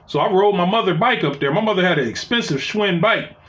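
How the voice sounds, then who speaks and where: Male storyteller, 40s; profane and rambling, animated delivery, roomy echo. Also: sits high, a little fast. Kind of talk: casual personal storytelling. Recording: echoey room.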